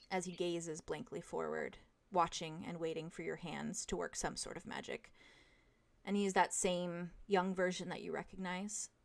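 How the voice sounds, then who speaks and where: A young woman runs a tabletop game as game master and tells the scene to her players in the second person. Her delivery is hushed and dramatic, and her voice sits low with a gravelly fry.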